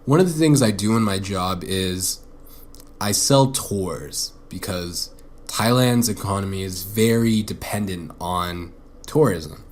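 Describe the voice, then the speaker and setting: A man's voice: sits low, takes it slowly. Blunt, foul-mouthed young man rambling. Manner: profane, blunt and self-mocking; rambling, with frequent restarts. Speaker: podcast host. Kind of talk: solo rambling podcast monologue.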